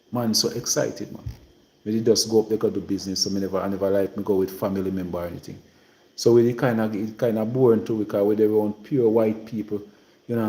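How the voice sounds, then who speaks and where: A man's voice: medium pitch, warm tone, roomy sound. A man from Jamaica with a Trelawny patois accent, chatting casually to viewers on his livestream and drifting between patois and English. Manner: rambling, mixes patois and English. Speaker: livestream host.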